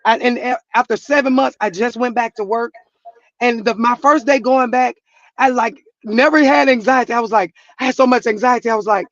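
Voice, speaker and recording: A woman's voice: fairly high pitch, brisk, no echo, highs cut off. A middle-aged woman, a grieving mother, telling her story in an earnest, church-flavored way, sometimes rising to emphatic outbursts. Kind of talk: emotional personal testimony.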